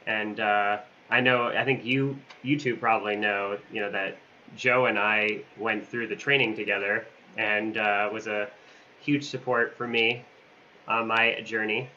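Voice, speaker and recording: A man co-hosting a video chat, speaking hesitantly and filling his pauses with many uhs. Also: on the low side, steady tone, pushed and bright, a little hiss or hum. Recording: dull lo-fi sound.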